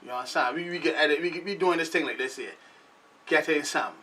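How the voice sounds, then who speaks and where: High, bright Barbadian man rambling. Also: quick pace, distant mic. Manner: loose, rambling, animated delivery. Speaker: show host. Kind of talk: casual commentary monologue.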